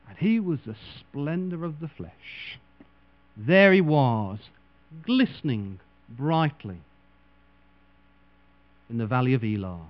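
A man preaching a sermon dramatically, acting out the people he quotes with big leaps in pitch and loudness. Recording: dull lo-fi recording with mains hum.

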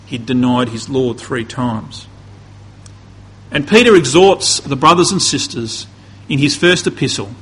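A man preaches in a conversational way, often restarting phrases and then climbing to emphatic high points. His voice sits a little high for a man and sounds bright and forward. It has a slightly husky edge. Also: rough recording. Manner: conversational, rising to emphatic peaks, frequent restarts. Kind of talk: sermon.

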